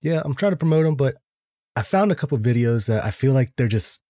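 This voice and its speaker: A man's voice: mid-range voice, animated, a little fast, warm tone, dry recording, studio quality. A man co-hosting a casual podcast, talking in a laid-back, slangy way. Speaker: podcast co-host.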